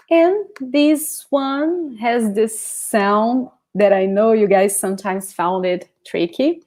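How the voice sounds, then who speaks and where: A Brazilian woman with a Brazilian Portuguese accent teaches a live online language lesson, speaking slowly and patiently. Her voice is mellow and soft-edged. She repeats each word several times for practice and reads out viewer comments. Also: a little high.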